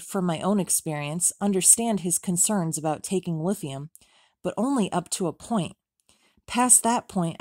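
A woman reading a memoir aloud as an audiobook, in a measured, steady way with even pauses. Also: fairly low pitch, dry recording, studio quality. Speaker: audiobook reader.

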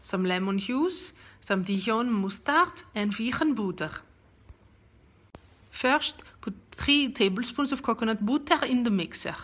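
A woman doing a cheerful Dutch woman with a put-on Dutch accent, loud and bright, measured and unhurried, cooking-show instructions. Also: a little high, expressive. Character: cheerful Dutch woman friend presenting a sauce.

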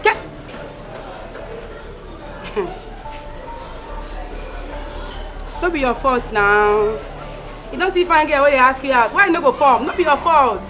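A scheming young schoolgirl with a Nigerian accent, sassy and mocking. Her voice sits high and swoops as she needles. Film music and crowd chatter run beneath her. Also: animated, fairly quick. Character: scheming young female student, sassy and manipulative.

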